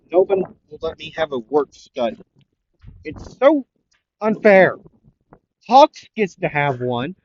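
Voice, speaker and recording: A man's voice: medium pitch, lo-fi sound, a little hiss or hum, natural voice. A man voicing a pushy, whiny young heroine who complains that things are unfair. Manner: complaining, pleading. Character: eager woman rabbit hero, pushy, whiny.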